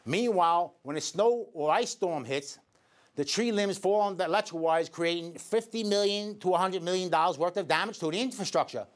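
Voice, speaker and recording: High-voiced indignant New man. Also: fairly quick. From Staten Island, New York. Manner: indignant, sarcastic, addresses people directly. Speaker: host, electrician. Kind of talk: scripted editorial commentary.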